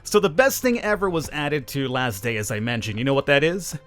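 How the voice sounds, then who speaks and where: With game music running underneath, a man hosting a let's-play keeps things casual, playful and sarcastic, throwing rhetorical questions to his viewers. He speaks briskly in an expressive, mid-range voice with a bit of brightness.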